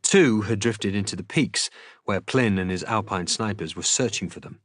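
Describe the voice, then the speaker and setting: A man reading a novel aloud in an expressive, dramatic audiobook style as a streamer. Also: fairly low pitch, moderate pace, no echo, clean studio sound.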